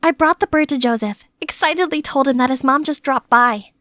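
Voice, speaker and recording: A young woman narrating an animated story in the first person, in a lively, chatty way. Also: high-pitched, brisk, no room sound, studio quality.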